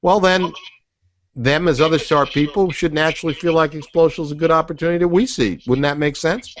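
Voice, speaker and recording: A middle-aged business trainer runs a sales training role-play with animation, asking leading questions and then acting out the answers. His voice is a little high and brisk.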